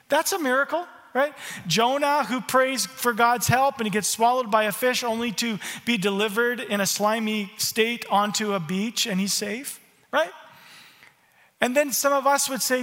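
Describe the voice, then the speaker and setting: A middle-aged male pastor delivering a storytelling sermon, his voice pitched high and bright. He acts out the people in his stories. The sound carries a long reverb, as in a large hall. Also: normal speed. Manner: storytelling, animated, mimics voices in quotes.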